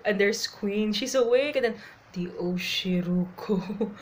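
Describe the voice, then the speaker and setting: A woman doing a live reaction to a comic, excitable and a little nervous, laughing and tagging her sentences with "okay?". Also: medium pitch, a little slow, a little hiss or hum, low-quality recording. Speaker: manga reaction vlogger. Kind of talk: live reaction and reading aloud.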